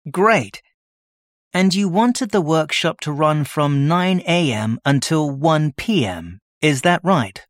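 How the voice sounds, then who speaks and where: A man's voice: a little high, animated, slow, no room sound, studio quality. A man as a workshop tutor in a scripted listening-test dialogue, explaining his plans plainly. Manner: explains plans plainly, answers questions readily.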